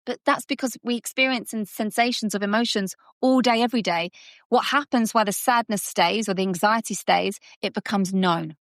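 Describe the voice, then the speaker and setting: A woman speaking as a coaching guest, at a middle pitch for a woman, lively and chatty. She often slips into short acted-out scenes. Her voice sounds dry and close, with no room echo. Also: brisk. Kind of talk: conversational coaching talk.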